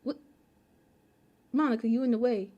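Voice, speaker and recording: A woman streaming a game from home, chatting casually with her viewers in an animated, slangy way. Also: a little high, normal speed, dull audio. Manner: animated, slangy, bursts into laughter.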